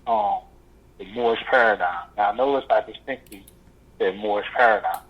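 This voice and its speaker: A man telling his story as an interview guest, rambling and halting with many fillers. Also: on the low side, big pitch swings. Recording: muffled lo-fi audio.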